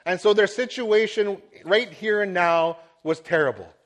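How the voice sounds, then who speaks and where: High-voiced pastor preaching. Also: male voice, measured pace, fairly bright tone. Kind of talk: sermon.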